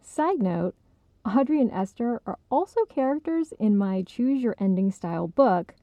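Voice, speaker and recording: A woman calmly narrating a short story as a storyteller. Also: on the high side, no echo, dull audio. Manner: calm, measured reading.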